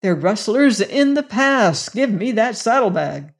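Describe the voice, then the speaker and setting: A woman's voice: mid-range voice, expressive, measured pace, a little mellow, pitched above the performer's own voice, lightly acted. A woman reading aloud and voicing a desperate young male rider, pleading and agitated with a raised voice. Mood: furious.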